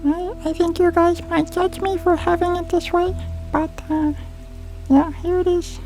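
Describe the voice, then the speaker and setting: A man putting on a squeaky, cartoonish, very high voice, playing a shy, self-conscious man who speaks hesitantly. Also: level tone, a little slow, darkish tone, faint music behind. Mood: sheepish. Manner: nervous, hesitant.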